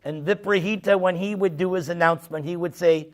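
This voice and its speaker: Fielding audience questions between funny anecdotes, a man with a high-sitting voice talks fairly quickly, animated and humorous in this casual session.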